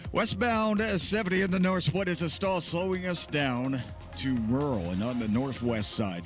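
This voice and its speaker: Brisk male traffic reporter. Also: medium pitch. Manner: brisk, matter-of-fact reading.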